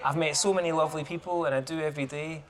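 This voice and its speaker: A man with a Scottish accent hosting a casual podcast chat, chatty and quick to laugh. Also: a little high, steady tone. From Ayr, Scotland. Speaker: podcast host. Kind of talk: casual conversation. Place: bar, live recording. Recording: live bar recording with crowd chatter. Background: crowd chatter.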